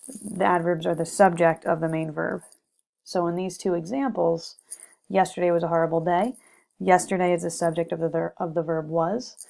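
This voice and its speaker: A woman's voice: fairly low pitch, vocal fry, darkish tone. A young woman giving a recorded slide lecture on grammar, methodical, with frequent "okay" and "um". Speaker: teacher presenting a lesson.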